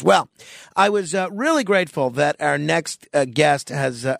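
A male late-night radio host whose voice sits a little high and has a gravelly edge. He talks in a halting, friendly way, full of fillers and restarts. The sound is close and dry, with no room around it. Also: no echo.

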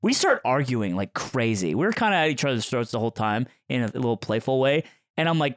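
This man co-hosts a podcast and tells a lively story in casual talk, acting out the quotes of others. His pitch is medium and his pace quick, recorded in studio quality without echo.

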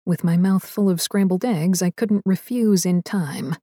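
A woman's voice: on the low side, unhurried, mellow, no room sound. A woman reading a first-person story aloud with a wry, dry touch. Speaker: audiobook narrator. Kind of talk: scripted first-person narration.

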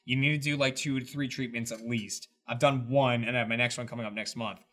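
Speaking quickly in a mid-range voice, this shaved-headed man co-hosts a casual podcast. His storytelling is lively, packed with profanity and performed quotes.

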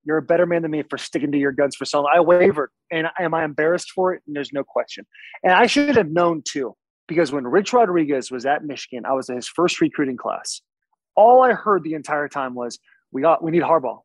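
A man's voice: a little high, animated, brisk, no echo, poor audio. A young man, a pro football player, chatting as a podcast guest in a boisterous, laid-back storytelling way. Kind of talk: casual podcast chat.

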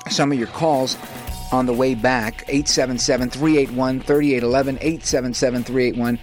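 Energetic male talk radio host. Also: medium pitch, fairly quick, faint music behind. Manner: energetic, promotional, conversational.

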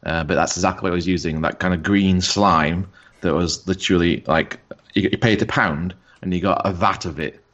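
A man co-hosting a podcast, chatting in an animated way. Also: low-pitched, a little fast, dull audio. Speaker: podcast co-host. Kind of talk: casual chat.

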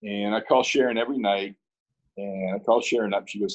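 A man's voice: lowish voice, brisk, breathy edge, dull audio. A man from Pittsburgh, a guest in an interview, telling a story in a casual way and acting out both sides of the dialogue.

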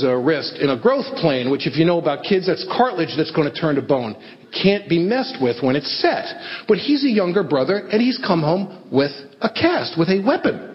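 A middle-aged man doing stand-up storytelling, self-deprecating and animated. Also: fairly high pitch. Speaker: stand-up comedian. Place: theater stage before an audience. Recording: echoey hall, dull lo-fi sound, faint hiss.

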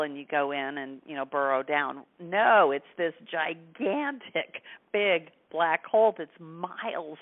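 A man hosting an interview, talking in a hesitant, conversational way with frequent restarts. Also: on the high side. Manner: hesitant, many fillers and restarts. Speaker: interview host. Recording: tinny phone line.

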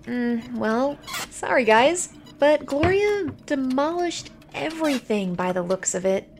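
A woman's voice: sits high, animated, slow, background noise, exaggerated voice. A woman playing a chatty, gossipy young woman who laughs easily, in an audio drama.

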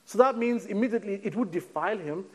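A male preacher with a high, bright voice delivers a sermon in a church hall. He sinks to a soft hush on key words and slows down for weight, then lifts his voice again. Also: husky. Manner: preaching with dramatic drops to a near hush and sudden lifts; slows right down on key phrases. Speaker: pastor.

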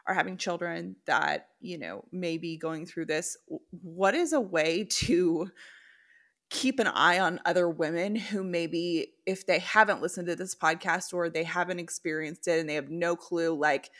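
Unhurried and fairly low, with a fairly bright tone, this woman hosts a casual podcast. Listener stories get read aloud first, and then she chats candidly with her guest.

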